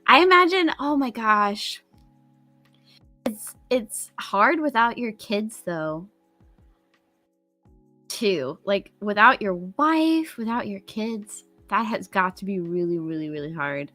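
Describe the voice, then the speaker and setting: Woman, casual stream chat, playful and teasing, giggly, crisp bright tone, slow easy pace. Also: medium pitch, animated, soft background music. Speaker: guest streamer.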